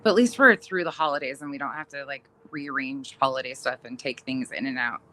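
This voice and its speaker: A middle-aged woman talks in a low but bright, forceful voice, chatting casually with viewers on a livestream. She laughs often and swears without a second thought, her talk loose and unscripted. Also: brisk. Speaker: livestream host reading viewer comments. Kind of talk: casual chat.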